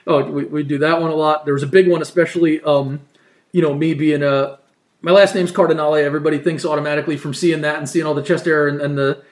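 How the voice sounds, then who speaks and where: Man, thirties, from New Jersey, casual rambling chat, slightly high voice, quick delivery. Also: steady tone. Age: 30s. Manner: rambling, full of "you know" and "like". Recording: roomy echo.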